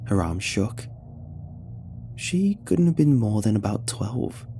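A man narrating a scripted horror story in a tense, measured way. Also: fairly low pitch, very animated, creaky, dark tone, a little hiss or hum.

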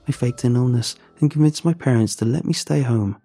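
Husky male storyteller, earnest. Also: medium pitch, a little fast, dark tone. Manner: earnest and emotional. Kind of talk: first-person story narration.

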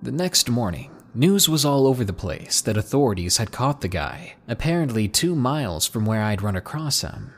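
A man with a slightly husky voice reading out submitted camping horror stories in a lively narration, dropping low and hushed at the tense moments. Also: normal speed, hardly any pauses. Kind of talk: scripted horror story narration.

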